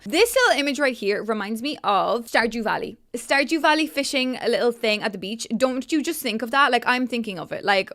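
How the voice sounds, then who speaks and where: A woman's voice: on the high side, fairly bright tone. A young woman gushing through casual reaction commentary on a game trailer, chatty and full of fillers. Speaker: gaming YouTuber.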